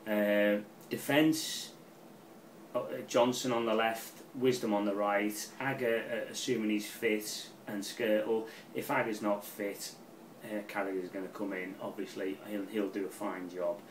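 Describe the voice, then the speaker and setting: Scouse fan-channel pundit, middle-aged, excitable and sweary, a bit distant with faint background hum. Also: male voice, fairly low pitch, unhurried. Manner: rambling, excitable, swears freely. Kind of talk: casual match preview. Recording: roomy, off-mic with faint ambience.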